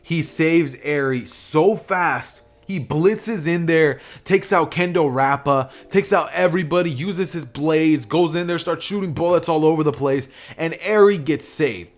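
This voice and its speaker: A man's voice: on the high side, measured pace, few pauses, soft background music. A young man casually narrating an anime what-if story, rambling with lots of fillers and restarts. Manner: rambling, filler-heavy retelling.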